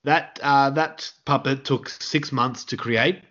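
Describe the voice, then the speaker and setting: A man's voice: medium pitch, steady tone, slow pace, a bit bright, highs cut off, a little hiss or hum. An Australian man hosting a casual podcast chat, reading out trivia in a loose, joking way and laughing often. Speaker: podcast host.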